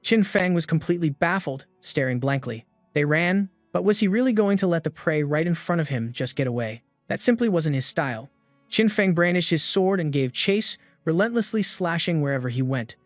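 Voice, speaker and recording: High-voiced man narrating a recap. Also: expressive, normal speed, dry recording. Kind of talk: scripted story recap narration. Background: faint background music.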